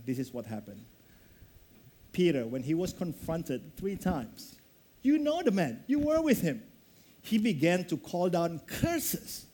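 A man delivering a sermon with a fairly high voice. He tells the story with animation, dropping low and rising high as he acts out the characters' lines. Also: very animated, unhurried, dark tone, slight background noise. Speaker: preacher.

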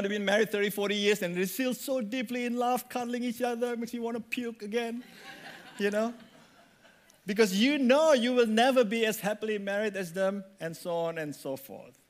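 High-voiced man preaching animatedly. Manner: animated, conversational preaching with audience questions. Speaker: pastor. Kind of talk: sermon.

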